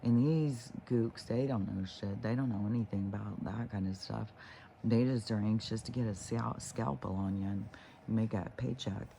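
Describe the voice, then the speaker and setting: Gravelly man rambling casually. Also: lowish voice, steady tone, normal speed, dark tone, slight background noise. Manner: rambling, profane, full of fillers and restarts. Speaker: spiritual vlogger.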